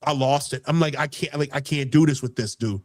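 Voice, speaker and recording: A man's voice: mid-range voice, brisk, a little mellow. A man hosting a casual political talk show, heated and rambling, often repeating words as he builds his point. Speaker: podcast host.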